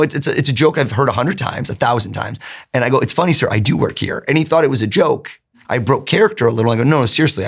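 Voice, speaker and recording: A man's voice: mid-range voice, vocal fry. A middle-aged man, an interview guest, telling stories animatedly and acting out what others said. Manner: animated storyteller, acts out quoted lines. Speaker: guest, mentalist. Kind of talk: conversational interview storytelling.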